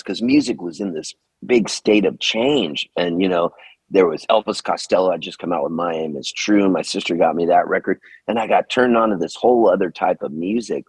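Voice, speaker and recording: A man's voice: fairly low pitch, husky, no room sound. A man in his sixties, a musician guest telling stories in an interview and acting out the people he quotes. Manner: lively storyteller who acts out the people he quotes. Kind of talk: storytelling interview.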